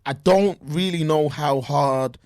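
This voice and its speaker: A man chats about sports on a podcast over a remote call. His voice sits a little high and the sound is dry. He talks in an animated way, often restarting his sentences. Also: slow, dry recording. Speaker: podcast co-host. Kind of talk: casual sports chat. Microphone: remote call mic.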